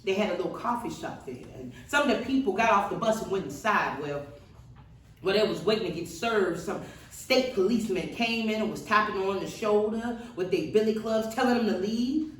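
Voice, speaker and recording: A woman's voice: medium pitch, animated, fairly quick, a little hiss or hum, natural voice. An actress in a seated stage reading, playing a defiant middle-aged Southern woman activist with a Mississippi accent and an earthy, testifying cadence, heard from far off in a roomy hall.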